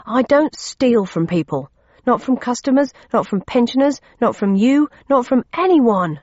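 A woman's voice: on the high side, lively intonation, moderate pace, mellow, no echo, pitched above the performer's own voice. A woman voicing an angry, defensive workman who growls indignantly. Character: man named Towel, angry defensive workman. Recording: dull lo-fi audio.

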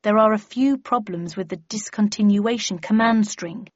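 A woman's voice: mid-range voice, moderate pace, no room sound, lightly acted. A woman voicing an earnest, fussy young male lab scientist who explains things carefully and matter-of-factly. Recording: slightly muffled lo-fi recording.

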